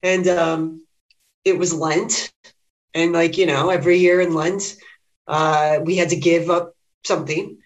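A woman's voice: on the low side, steady tone, unhurried, low-quality recording. A woman guest telling childhood stories in a laid-back, chuckling way during casual chat. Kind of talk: casual chat over drinks.

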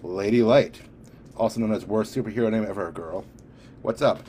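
A man's voice: lowish voice, normal speed, mellow, a little hiss or hum, close to an everyday voice. Drake, a man playing a sarcastic young super. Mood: defensive. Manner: sarcastic, defensive. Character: cocky young male fire-and-ice super, sarcastic.

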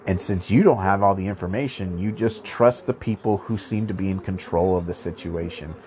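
A man's voice: low voice, a little fast, darkish tone. A man hosting his own podcast in a rambling monologue, swearing often and restarting his sentences, with a somewhat nasal voice. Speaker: podcast host. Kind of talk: profane monologue.

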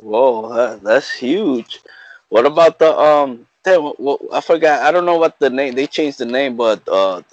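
A man's voice: medium pitch, lively intonation, dry recording. A man chatting casually on a podcast, often losing his words and trailing off. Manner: halting, loses his words. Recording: dull lo-fi sound.

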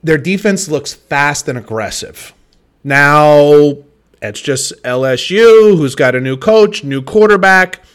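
A man co-hosting a casual sports talk show. He talks in a relaxed, rambling way, often restarting his sentences and hedging his picks. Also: on the high side, slow, smooth. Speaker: sports podcast co-host.

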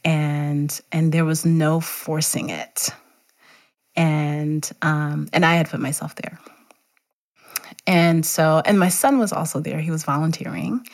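Woman, middle-aged, low-ish pitch, guest who tells her story with lots of laughter. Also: slow. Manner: animated, laughs often while telling the story. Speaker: guest, teacher and runner. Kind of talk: candid storytelling in conversation.

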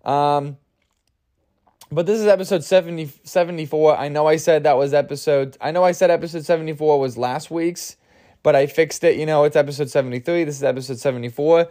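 A man's voice: a little high, steady tone, brisk, warm tone. A man hosting a solo comedy podcast, rambling and crude with self-mocking humor, groggy from an early start. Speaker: podcast host.

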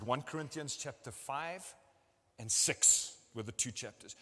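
A man's voice: on the high side, animated, moderate pace, sharp tone, in a large hall. A male pastor preaching a sermon at a church service, telling stories earnestly and acting out what people said.

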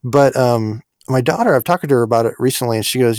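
A man's voice: medium pitch, a little fast, a little mellow, no echo, studio quality. A middle-aged man co-hosting a casual chat, telling odd history footnotes and laughing often. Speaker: podcast co-host.

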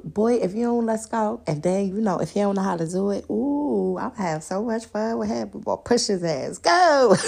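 A young woman hosting a podcast, chatting casually and telling loud, animated stories full of laughter and acted-out quotes. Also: medium pitch, moderate pace, creaky, slightly rough. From New York and the countryside. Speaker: podcast host. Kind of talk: casual solo podcast chat.

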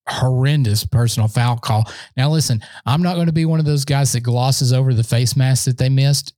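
A man hosting a solo sports podcast, talking in an excitable, boastful fan rant while standing in a room. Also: mid-range voice, no room sound.

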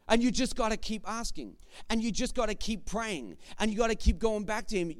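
A man's voice: high-pitched, clear, resonant tone. A man in his thirties preaching a sermon, telling a family story and building to emphatic declarations. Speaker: pastor.

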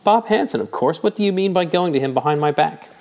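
A man's voice: on the high side, expressive, quick pace, a little mellow, highs cut off, voice pushed up. A man reading an audiobook, voicing a blustering, hot-tempered rich older man who roars indignantly. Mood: furious. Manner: roaring, indignant outbursts.

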